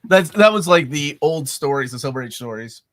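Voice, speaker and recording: A man's voice: fairly high pitch, lively intonation, moderate pace, a bit bright, no room sound, studio quality. A man co-hosting a live question-and-answer chat, joking and laughing often. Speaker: co-host.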